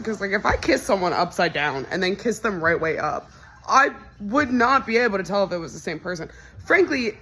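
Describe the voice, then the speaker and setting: A woman's voice: mid-range voice, a bit bright, slight background noise. A young woman in casual movie reaction commentary, chatty and wry, often incredulous and laughing.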